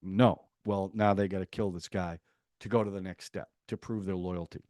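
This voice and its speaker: A man hosting a podcast, casually reviewing a TV series and retelling scenes in a chatty, animated way with quick asides. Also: sits low, no room sound, clean studio sound.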